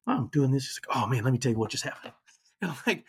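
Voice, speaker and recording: A man's voice: medium pitch, big pitch swings, fast, husky. A man in his thirties speaks as a podcast guest, with an ordinary mid-range voice. He tells his own story candidly and reflectively, earnest and open, with feeling close to the surface. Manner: earnest, reflective, emotional at times.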